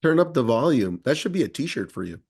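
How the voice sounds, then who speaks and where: A man hosting an interview with a lively, up-and-down voice. He praises his guest freely and moves the talk along to audience questions. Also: medium pitch. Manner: encouraging, quick to praise. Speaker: interviewer and host.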